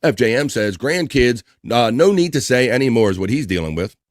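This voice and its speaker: A man hosting a livestream, chattily reading out chat messages and shout-outs with quick asides. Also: mid-range voice, animated, dry recording, studio quality. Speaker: livestream host.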